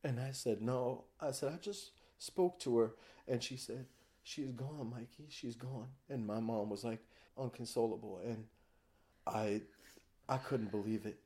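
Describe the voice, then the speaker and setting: A man's voice: mid-range voice, darkish tone. A man guest on a podcast, telling a raw, emotional personal story in a candid way, with many fillers. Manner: raw, emotional, frequent fillers like "you know" and "like".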